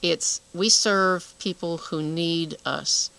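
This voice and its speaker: A woman talks as a radio guest, earnest and searching for her words. Her voice is bright and forceful, sitting a little low for a woman. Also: steady tone, takes it slowly, gravelly, smooth, rough recording. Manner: earnest, restarts while explaining. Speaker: guest from a children's health program. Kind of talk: radio interview.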